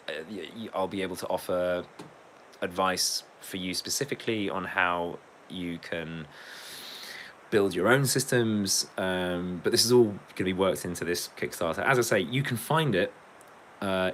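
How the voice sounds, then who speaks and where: At a measured pace, an English man with a deep, slightly bright voice chats casually on his livestream as a musician, rambling, making jokes, swearing, and reading out comments from viewers. The audio is poor, with a little hiss or hum.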